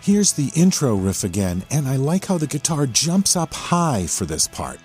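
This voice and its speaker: A man's voice: medium pitch, very animated, moderate pace, darkish tone, soft background music. A man hosting a podcast, enthusiastically explaining a song section by section. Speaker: podcast host. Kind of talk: song breakdown commentary. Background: the song playing underneath.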